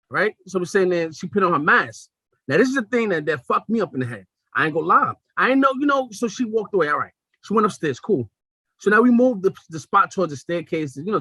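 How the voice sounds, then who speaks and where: A man tells a story as a podcast host, swinging his pitch all over the place. His voice is high, bright and a little husky. He talks in a loose, profane, conversational way, as if he is riding a train. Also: no echo, poor audio. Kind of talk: casual storytelling monologue.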